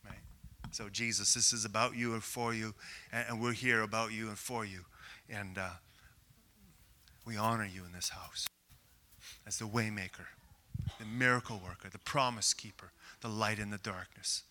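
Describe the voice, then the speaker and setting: An older man from Canada preaching a sermon, telling a self-deprecating story with rising excitement. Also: on the low side, moderate pace, pauses often. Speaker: pastor.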